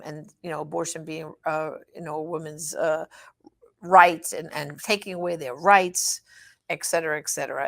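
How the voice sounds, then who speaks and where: A woman's voice: on the low side, vocal fry. A woman hosting an advocacy show, speaking straight to her listeners in an emphatic, exhorting way with rhetorical questions. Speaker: host of a pro-life advocacy show. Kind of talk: direct address advocacy talk.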